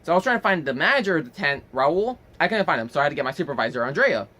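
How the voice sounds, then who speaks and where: A man's voice: a little high, very fast. A young man telling a rambling story as a casual vlog, swearing freely and acting out the people in it. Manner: animated, rambling with fillers. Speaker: vlogger.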